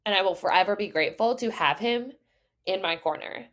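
A woman's voice: mid-range voice, a little fast. A woman talks through her own story on her podcast in a loose, casual monologue. She is candid and emotional, swears freely and laughs often between her thoughts. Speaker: podcast host and business coach.

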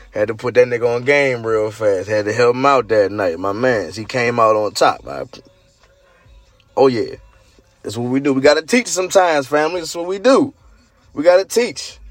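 A man with a hoarse, groggy voice, hosting his own show and telling a story in casual chat, swinging between loud hype and murmurs. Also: medium pitch, no echo. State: hoarse, lost voice. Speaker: show host.

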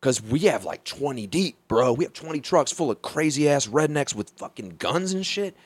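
Young man, profane and animated storyteller, lively higher voice, dry close mic. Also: moderate pace, breathy edge, dry recording. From Alabama. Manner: profane, animated, laughing often. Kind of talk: casual storytelling.

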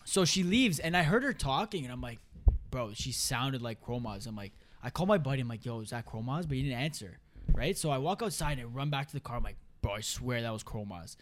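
A young man, a podcast guest telling a profane, animated story and quoting friends in put-on voices. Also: mid-range voice, a little fast, slight background noise. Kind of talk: casual storytelling chat.

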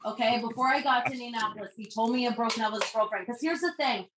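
A woman's voice: on the high side, rapid-fire, background noise. Young woman telling a story, echoey room. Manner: animated, swears freely, acts out dialogue. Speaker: podcast guest. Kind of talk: casual storytelling.

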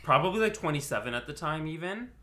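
Low-voiced teasing woman co-host. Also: expressive, fast, fairly bright tone. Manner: teasing, crude jokes. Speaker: podcast co-host. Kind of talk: casual chat.

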